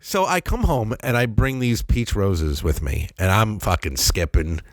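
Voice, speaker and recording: A man co-hosting a podcast, telling a comic story in a casual, profane way and jumping into high voices when he quotes people. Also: expressive, a little slow, no room sound, studio quality. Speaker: podcast co-host. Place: podcast studio.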